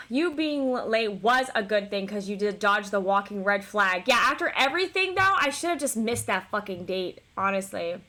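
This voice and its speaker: A woman talks to her live stream audience in a loose, animated storytelling style. Her voice is bright and sharp, and she swears without a second thought. She stumbles through restarts as she talks. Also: medium pitch, normal speed.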